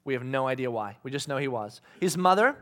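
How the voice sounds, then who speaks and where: A man's voice: mid-range voice, animated, quick pace, fairly bright tone. A man preaching a casual sermon to a congregation, joking, laughing and acting out voices as he reads scripture. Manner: conversational and joking, laughs often, acts out voices.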